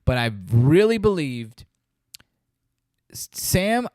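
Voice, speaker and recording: A man's voice: on the high side, sing-song, slow pace, a little mellow, smooth, no echo, clean studio sound. A man hosting a podcast, chatting casually about a movie and acting out scenes in quoted voices. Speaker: podcast host. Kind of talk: casual movie review chat.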